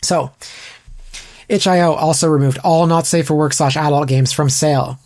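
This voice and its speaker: A man from Canada hosting a casual podcast, reading news quotes aloud with quick asides. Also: a little high, steady tone, darkish tone. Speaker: podcast host.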